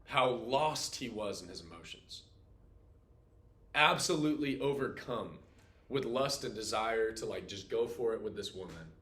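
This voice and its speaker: A man's voice: on the low side, animated, measured pace, fairly bright tone. A man teaching a Latin class, quizzing students playfully and walking them through a poem line by line in a classroom. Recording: echoey classroom room sound.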